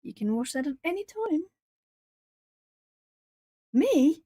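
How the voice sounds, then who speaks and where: A woman's voice: high voice, big pitch swings, slow pace, long pauses, warm tone, no echo. A woman from Brazil chatting casually on a live art stream, laughing often and answering viewers' comments as she colours. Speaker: artist streamer.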